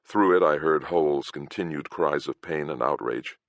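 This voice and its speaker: Very deep, gravelly male narrator. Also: moderate pace, dry recording, highs cut off. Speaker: audiobook narrator. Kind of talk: first-person scripted narration.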